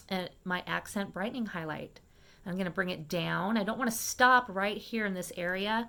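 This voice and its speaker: A woman hosting a makeup tutorial, talking viewers through each step in a chatty, fast-paced way and often checking in with them. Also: medium pitch, creaky, bright, forceful tone. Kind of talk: casual step-by-step makeup demonstration.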